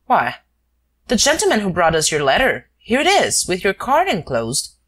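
A woman's voice: medium pitch, wildly swooping pitch, moderate pace. A woman voicing a polite male hotel clerk who sounds puzzled.

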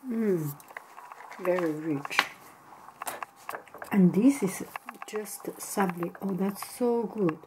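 A woman chatting casually to camera about her home baking, halting and full of fillers, cheerfully poking fun at herself. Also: lowish voice, background noise. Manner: slow, halting, with many fillers; self-deprecating and cheerful. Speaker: home cooking vlogger.

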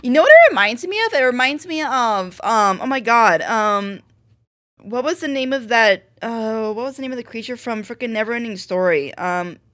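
A woman's voice: fairly high pitch, lively intonation, moderate pace, a bit bright, faint music behind. A young woman hosting a reaction video, chatting casually and breaking into shrieks and laughs.

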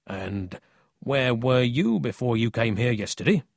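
A man's voice: mid-range voice, animated, unhurried, creaky, no room sound, studio quality. A man voicing a strict police chief who speaks in curt, commanding bursts. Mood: stern.

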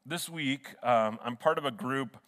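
In a church sanctuary, a male pastor preaches a sermon at a measured pace, his mid-range voice fairly bright. He's earnest and conversational, often restarting sentences, and the recording carries the long hall reverb of a church.

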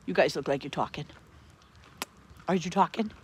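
A woman's voice: low-pitched, moderate pace, slight background noise. A woman at an animal rescue, talking to her animals in a cooing, sing-song baby-talk voice for a casual vlog.

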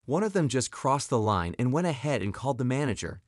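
A man's voice: medium pitch, sing-song, fairly quick, dry recording, studio quality. A man reading a scripted story as narrator.

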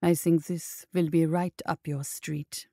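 A woman voicing a gruff, sly male mercenary leader with a smug, drawling manner. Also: deep voice, flat delivery, slow pace, dark tone, no echo, studio quality, voice pushed down, heavily acted.

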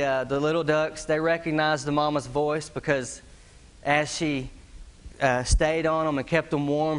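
A man's voice: a little high, fairly bright tone. Folksy preacher, man. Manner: folksy storytelling, laughs at his own tale, mimics animal calls. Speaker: pastor. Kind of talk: sermon.

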